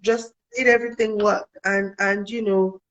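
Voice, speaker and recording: Speaking at a moderate pace in a mid-range voice, this young woman from Africa is a guest in a relaxed interview. She tells a personal story with earnest animation, quoting conversations as she goes, though the recording sounds muffled.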